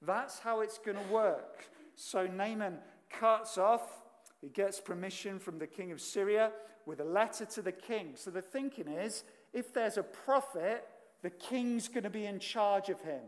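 Slow, emphatic preacher in a reverberant hall. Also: medium pitch. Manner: emphatic, with loudness swings from loud to hushed. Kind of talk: sermon. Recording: long reverb in a large hall.

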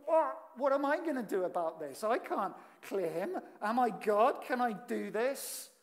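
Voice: mid-range voice, animated, measured pace, voice pushed up. A preacher voicing a panicked, exclaiming king. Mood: alarmed. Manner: alarmed, exclaiming. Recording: long hall reverb.

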